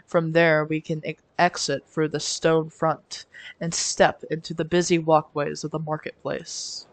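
Slow, giggly woman reading a game aloud. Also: low-pitched, level tone, dry recording. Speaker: let's play streamer. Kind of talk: reading a visual novel aloud with asides.

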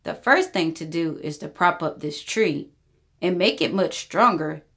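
A woman reading as a gentle faithful elephant, earnest, patient, lively pitch, storybook. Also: measured pace. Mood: musing. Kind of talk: storybook read-aloud.

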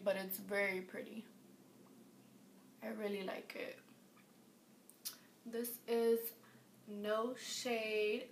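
A woman vlogging a casual makeup review, gushing and excitable, often repeating herself. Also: on the high side. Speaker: beauty vlogger. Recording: echoey room with faint background noise.

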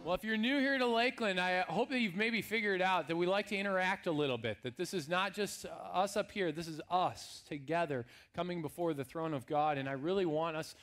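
Man, high voice, pastor, casual humorous sermon, young adult. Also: a little fast, few pauses, fairly bright tone, soft background music. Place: church sanctuary.

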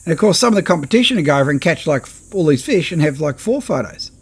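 A middle-aged Australian man talking on a podcast, his voice sitting a little high for a man. He chats away in a loose, animated manner and now and then drops into quick impressions of other people. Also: breathy edge. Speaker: podcast host, fishing photographer. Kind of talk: casual podcast monologue.

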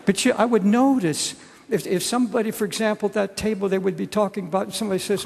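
An older man delivers an earnest sermon in a large church, his voice high for a man and gravelly. He halts and restarts often, and the sound carries a long hall reverb. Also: steady tone, darkish tone. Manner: earnest, halting with repeated restarts. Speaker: pastor.

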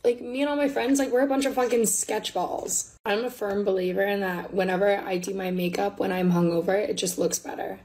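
A woman's voice: mid-range voice, steady tone, a little fast, hardly any pauses, a little mellow. A young woman in her twenties, hungover, chatting casually and swearing a lot while doing her makeup for a vlog. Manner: hungover and swearing, rambling with lots of "like". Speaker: vlogger. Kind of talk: casual get-ready-with-me vlog. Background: music.

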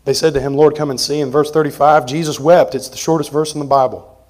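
A man preaching an expository sermon as pastor, conversational, moving between forceful emphasis and quiet asides. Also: a little high, steady tone, quick pace. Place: church sanctuary.

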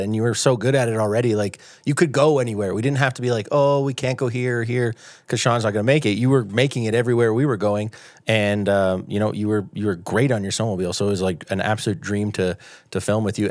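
A man hosting a podcast, chatting in an earnest, relaxed way and praising his guest. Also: lowish voice, quick pace, dry recording, studio quality. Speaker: podcast host. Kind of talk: casual chat.

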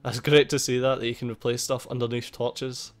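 A man's voice: mid-range voice, brisk. Sweary man commenting on gameplay. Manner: swears a lot, excitable, laughs at the game. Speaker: gaming YouTuber. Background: faint game music.

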